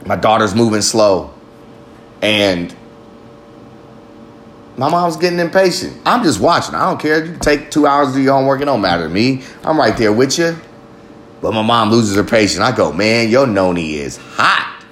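Man, podcast host, casual monologue, swears a lot, rambling, emphatic, mid-pitched voice. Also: sing-song, normal speed, pauses often, a bit bright, a little hiss or hum.

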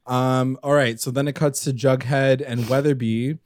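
A young man co-hosting a casual recap podcast, talking fast and loosely, swearing and acting out characters' lines. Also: mid-range voice, fairly even intonation, noisy background. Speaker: podcast co-host.

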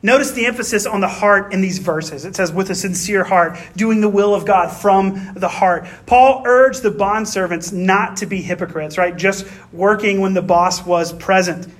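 A man with a fairly high-pitched voice delivers a relaxed, conversational sermon. He talks like he's chatting with friends, dropping quick tag questions and stories from his own life as he explains the scripture. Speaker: pastor.

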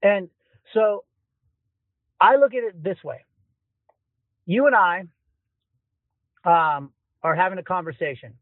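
Recorded on a phone's voice memo app, this tinny, dry audio features a middle-aged podcast host speaking alone from a parked car. He is energetic and emphatic but conversational, often dropping "like," with a high-pitched voice that moves slowly and pauses often as he delivers his motivational message.

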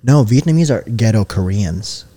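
A young man co-hosting a podcast in casual chat, teasing his friend and laughing loudly. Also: on the low side, expressive, moderate pace. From Filipino heritage. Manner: teasing, goofy, loud laughs. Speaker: podcast co-host.

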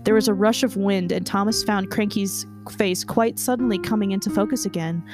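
A woman's voice: medium pitch, fairly quick, over music. A woman podcast host reading fan fiction aloud in a mock-dramatic way, prone to laughing. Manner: breaks into laughter, deadpan narration.

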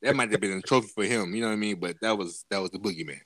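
A man's voice: lowish voice, very fast, a bit bright, no room sound. A man casually telling a profane story to friends on a podcast, acting out the people he quotes with big jumps in his voice. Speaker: podcast host.

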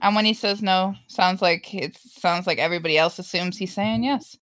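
A woman's voice: lowish voice, normal speed, a bit bright. A woman from Scotland with a Scottish accent, a nurse chatting in a playful, mock-threatening way. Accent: Scottish, slipping. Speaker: nurse, community admin. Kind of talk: casual chat.

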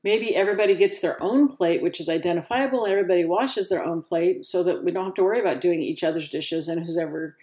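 A woman's voice: on the low side, fast, hardly any pauses, a little mellow. Upbeat woman podcast host. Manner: chatty and upbeat, acts out quoted voices. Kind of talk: solo podcast monologue.

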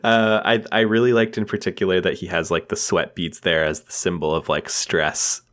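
A man's voice: low-pitched, level tone, moderate pace, a bit bright. A man co-hosting a podcast, chatting casually and laughing often between thoughts. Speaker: podcast co-host. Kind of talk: casual chat about comics.

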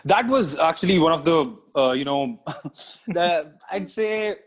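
A man's voice: a little high, lively intonation, slow. Laughing, rambling man on a call. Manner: laughs often, talks in rambling restarts. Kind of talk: casual chat. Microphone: remote call.

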